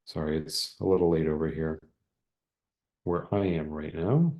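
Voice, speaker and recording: A man leading an online exam-prep teaching session over a video call, explaining at length and often pausing with fillers while he searches for words. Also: very deep voice, fairly even intonation, mellow. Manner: hesitant, many fillers and word searches.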